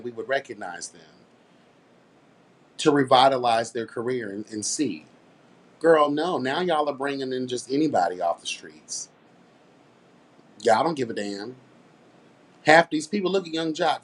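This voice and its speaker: A man hosting a casual commentary rant, sassy and blunt, swearing freely and stressing his points. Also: medium pitch. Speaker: commentary host.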